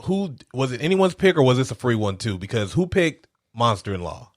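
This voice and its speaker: A young man co-hosting a casual movie review chat, joking and swearing freely with quick asides. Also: medium pitch, very animated, no echo, clean studio sound. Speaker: podcast co-host.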